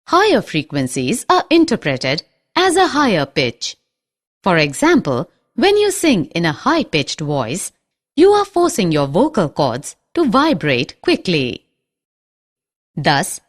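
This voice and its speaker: A woman narrates a school science lesson from a script. Her voice sits on the lower side, but her intonation swings widely, rising high on key terms. The delivery is clear and explanatory.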